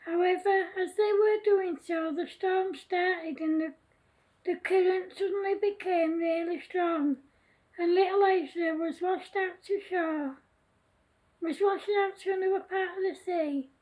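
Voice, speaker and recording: Woman slowly reading a children's story. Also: very high voice, steady tone, poor audio. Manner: earnest and gentle, with small restarts. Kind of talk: reading her own children's story aloud.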